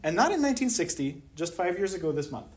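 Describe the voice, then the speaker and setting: A wry anthropology lecturer from Pittsburgh, USA, speaks fast with a medium pitch and big pitch swings. Giving an academic colloquium talk in a university lecture room, he is humorous and uses rhetorical questions.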